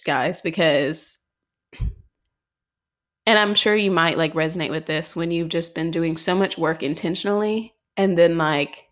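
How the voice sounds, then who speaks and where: Chatty young woman, slightly low voice. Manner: chatty, filler-heavy, exasperated storytelling. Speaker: podcast host. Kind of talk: casual solo podcast monologue.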